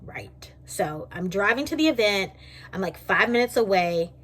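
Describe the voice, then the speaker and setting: A young woman, casually vlogging and telling a story in a chatty, animated way from her kitchen. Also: mid-range voice, normal speed. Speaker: beauty vlogger. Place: home kitchen.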